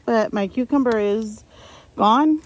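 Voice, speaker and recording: A woman from upstate New York talking to her camera while she tends her garden, sighing, hesitant and thinking out loud. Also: fairly high pitch, slow, a little hiss or hum. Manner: sighing, hesitant, talks to herself while working. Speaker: gardening vlogger. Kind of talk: casual vlog narration. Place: outdoor garden.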